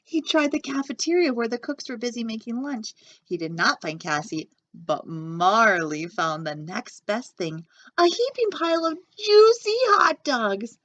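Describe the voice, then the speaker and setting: A woman, a children's librarian, reading a picture book aloud with animated, expressive storytelling. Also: on the high side, normal speed. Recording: dull lo-fi sound.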